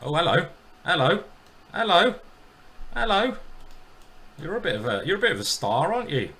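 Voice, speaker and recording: Lively chess streamer. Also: male voice, on the high side, normal speed. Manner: animated, self-mocking, talks to chat. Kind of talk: live commentary while playing blitz.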